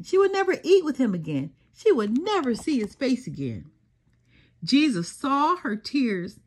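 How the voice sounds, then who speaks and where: An older woman reading a children's storybook aloud, slow and sing-song with dramatic pauses and a softly breathy voice. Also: on the high side. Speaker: storybook reader. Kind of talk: expressive children's read-aloud.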